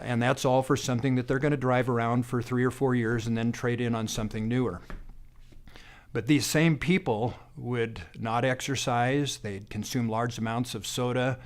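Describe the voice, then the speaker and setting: A middle-aged man, a doctor, sharing homespun observations from his practice. He talks in a folksy, unhurried way at an average pitch, often stopping to restart with "uh" and "and, and". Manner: folksy, halting, with many fillers and restarts. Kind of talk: testimonial monologue.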